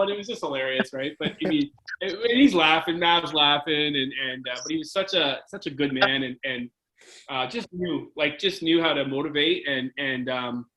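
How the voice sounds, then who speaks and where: There's slight background noise and poor audio as this Canadian man in his forties, a onetime hockey player, rambles through stories on a podcast. His voice sits on the high side, pushed and bright, at a moderate pace, with frequent fillers and restarts.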